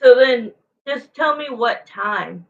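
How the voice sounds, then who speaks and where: Woman tarot reader, frank chatty livestream host, unhurried delivery with a gravelly edge, slightly muffled audio. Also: fairly high pitch, lively intonation. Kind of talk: casual livestream chat.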